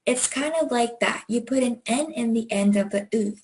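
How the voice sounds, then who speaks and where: A woman's voice: on the high side, moderate pace, darkish tone, low-quality recording. A young woman teaching an online language lesson, patient and encouraging, sounding out words one syllable at a time.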